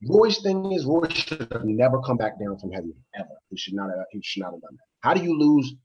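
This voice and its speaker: A man co-hosting a podcast, talking boxing in casual, animated storytelling with frequent restarts. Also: mid-range voice, fairly quick, husky, dull audio. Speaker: podcast co-host. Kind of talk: casual sports chat.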